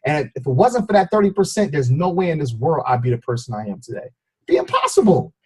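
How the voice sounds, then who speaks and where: A man's voice: a little high, animated, fast talker, a little mellow, husky, rough recording. A man, a fitness coach and father, telling a team call an emotional story of forgiveness, talking to listeners as y'all in a preacher-like way. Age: adult with a child. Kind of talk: motivational team call talk.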